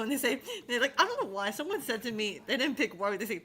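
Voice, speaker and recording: A woman's voice: fairly high pitch, expressive, fast talker, a bit bright. A woman hosting a casual chat on a call, laughing a lot and playfully repeating catchphrases. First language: English, with Spanish as a second language. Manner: giggly, lots of laughing and playful quoting. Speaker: host.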